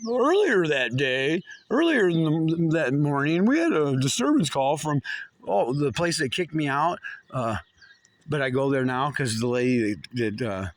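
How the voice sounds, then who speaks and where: A man's voice: fairly high pitch, sing-song, a little slow. A man ranting in a casual monologue, rambling and agitated, with plenty of swearing.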